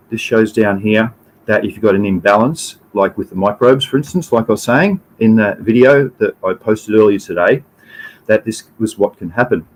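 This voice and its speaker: Low-voiced Australian man rambling on a livestream. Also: a little mellow, a little hiss or hum, low-quality recording. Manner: rambling, swears casually, chats to viewers. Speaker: livestream host. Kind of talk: casual livestream slide talk.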